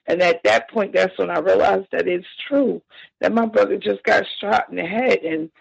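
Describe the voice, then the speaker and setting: A woman telling a painful family story as a podcast guest, halting and emotional with frequent restarts. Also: medium pitch, vocal fry, husky, no echo, poor audio. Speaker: victim's sister, interview guest. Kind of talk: personal account in a podcast interview.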